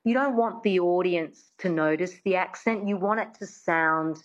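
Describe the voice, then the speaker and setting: Woman dialect coach, lowish voice, chatty and explanatory, slightly dull recording. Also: moderate pace. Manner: chatty, explanatory, laughs easily. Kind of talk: conversational interview. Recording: dull lo-fi sound.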